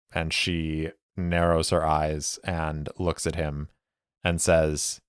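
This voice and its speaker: A man narrating his own solo tabletop game as the podcast host, measured and deliberate in his storytelling. His voice sits deep and he takes his time. The sound is dry and close to the mic. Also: flat delivery, clear, resonant tone, dry recording.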